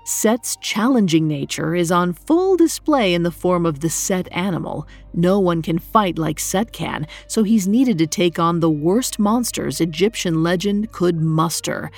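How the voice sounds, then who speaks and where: Low, gravelly woman narrator. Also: expressive, a little slow, few pauses, darkish tone, soft background music. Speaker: storyteller. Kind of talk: scripted narration.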